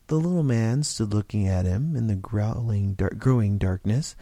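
Man with a warm, gravelly reading voice. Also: lowish voice, moderate pace, hardly any pauses, no room sound. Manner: steady, expressive narration with small slips. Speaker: story reader. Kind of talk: reading a story aloud.

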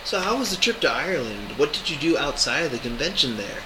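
A man's voice: on the high side, big pitch swings, quick pace. A man interviewing a guest, asking short, easygoing questions. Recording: noisy recording.

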